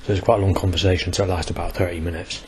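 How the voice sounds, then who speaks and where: Deep-voiced man in his forties, halting and rambling, video diary. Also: little pitch movement, darkish tone, a little hiss or hum, poor audio. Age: 40s. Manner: hesitant, rambling, many ums. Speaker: vlogger. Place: outdoors near a busy bus station.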